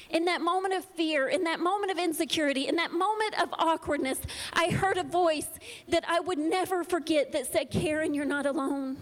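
Woman preacher with a high voice, emphatic storytelling sermon. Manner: storytelling, repetitive emphatic phrasing. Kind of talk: sermon with personal testimony.

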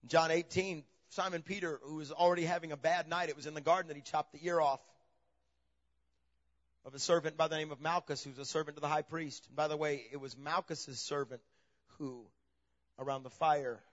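A man preaches in a fairly high voice, telling the story with swings from loud emphasis down to a hushed near-whisper. The recording is dull and lo-fi. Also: fairly even intonation, moderate pace, long pauses. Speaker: pastor. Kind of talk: sermon. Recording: dull lo-fi sound.

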